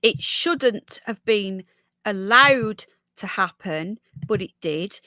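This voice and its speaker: A woman's voice: medium pitch, expressive, slow pace, pushed and bright, dry recording. A woman hosting a casual livestream, with a sore throat, chatting opinionatedly and reading out viewer comments. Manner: chatty, opinionated, rambling with restarts. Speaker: livestream host.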